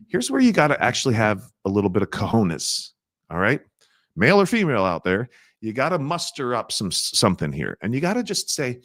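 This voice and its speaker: A middle-aged man teaching a sales training, asking his audience questions and acting out soft-spoken sales lines. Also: mid-range voice, sing-song, a little fast.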